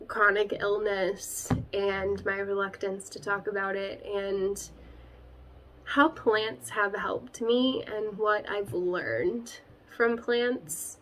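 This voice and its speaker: A woman's voice: mid-range voice, a bit bright, poor audio. A young woman chatting casually to camera from her spare bedroom about her plants, rambling with lots of fillers. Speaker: plant vlogger.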